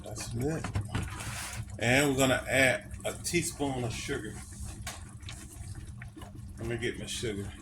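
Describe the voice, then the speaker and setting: A man's voice: medium pitch, slow, pauses often. A man, casually walking viewers through a cooking recipe, repeating phrases and calling them y'all. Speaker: cooking vlogger. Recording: clear background noise.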